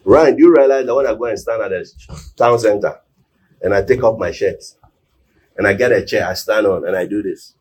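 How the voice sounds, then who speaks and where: A man preaching a sermon, often asking the congregation whether they are with him and building to loud, emphatic peaks. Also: on the low side, normal speed. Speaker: pastor. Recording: echoey room, mic at a distance.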